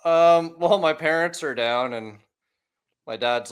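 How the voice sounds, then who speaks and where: A man's voice: on the high side, takes it slowly, clear, resonant tone. A man co-hosting a car podcast, chatting casually in a rambling, laid-back way with swearing. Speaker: podcast co-host, shop owner. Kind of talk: casual chat.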